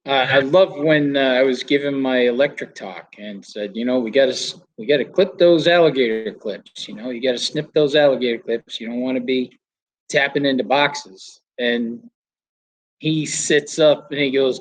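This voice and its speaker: An older flooring trainer chats casually, telling trade stories with quoted voices and laughter. His mid-range voice moves at a moderate pace on a rough recording.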